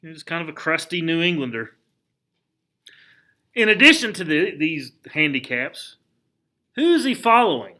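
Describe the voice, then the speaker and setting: A man teaching a history class in a lively, conversational lecture, often putting rhetorical questions to the students. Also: a little high, a little slow, pauses often. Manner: conversational, frequent restarts.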